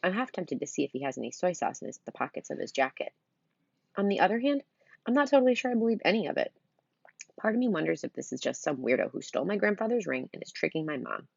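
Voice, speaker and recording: A woman's voice: lowish voice, sing-song, fast talker, gravelly, breathy edge, no room sound, highs cut off. A middle-aged woman reading a children's novel aloud, with chatty, punny asides to her listeners. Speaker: storybook reader.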